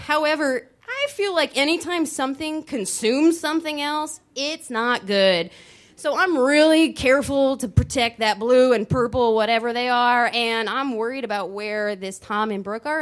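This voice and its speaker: A woman tells a story live on stage into a microphone, with a high, bright voice. She is animated, leaning on dramatic pauses and sudden shifts of voice. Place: dance studio venue, live show.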